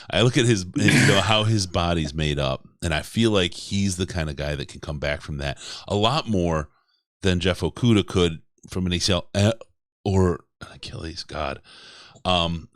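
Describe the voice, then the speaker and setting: Hosting a casual sports podcast, a man with a low-sitting, fairly bright voice rambles, jokes and laughs often. The sound is clean studio quality with no room sound.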